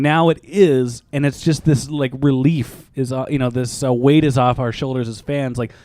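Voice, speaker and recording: A man's voice: medium pitch, darkish tone, dry recording. A man co-hosting a casual sports podcast, rambling with fillers and laughing often. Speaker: podcast co-host.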